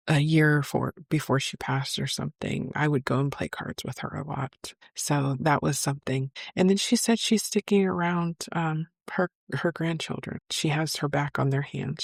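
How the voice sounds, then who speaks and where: A middle-aged woman recounts a personal story in a chatty, heartfelt way, acting out the voices she quotes. Her voice has a gravelly, creaky texture. The sound is dry and close. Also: sits low, dry recording. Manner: emotional, chatty, lively retelling with quoted voices. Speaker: psychic medium vlogger.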